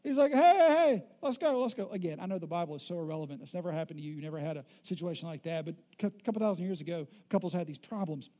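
Joking, chatty preacher with a mellow voice. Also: medium pitch, racing, hardly any pauses. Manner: joking, conversational, animated. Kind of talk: sermon.

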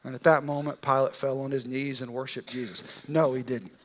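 A man's voice: mid-range voice, fairly even intonation, brisk, a little hiss or hum. A man preaching a sermon, retelling a story in a casual, vivid, conversational way. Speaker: pastor.

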